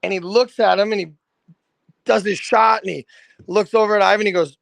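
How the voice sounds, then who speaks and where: A rock band's lead singer chats as a guest, his voice high and full of grit. He tells stories in a loose, animated way and swears freely. The sound is close and dry. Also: fairly quick, vocal fry, dry recording. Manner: animated, swears freely, says "dude" often. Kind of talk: casual storytelling.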